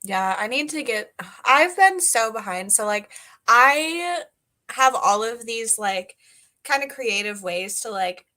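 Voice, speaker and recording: A young woman with a bright, crisp-edged tone chats easily on a livestream. She sounds relaxed and informal, letting plenty of fillers into her talk. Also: on the high side, slow pace. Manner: easygoing, frequent "mm-hmm" backchannels and fillers. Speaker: co-host booktuber. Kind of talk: casual livestream chat.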